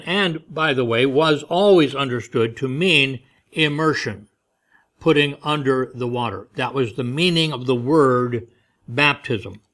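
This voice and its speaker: A man giving a Bible teaching, reading scripture and explaining it in a relaxed, conversational way with light humorous asides. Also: medium pitch. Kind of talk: informal Bible study sermon.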